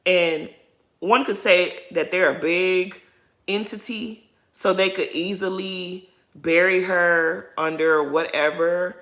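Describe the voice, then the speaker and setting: A woman giving opinionated, animated commentary as she recaps a reality TV episode for her viewers. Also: fairly low pitch, takes it slowly. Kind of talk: casual commentary vlog.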